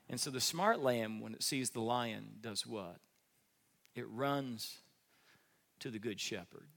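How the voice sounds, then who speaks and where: A man preaching a sermon as pastor, animated, with humor and acted-out voices. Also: mid-range voice, gravelly, in a large hall. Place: church sanctuary.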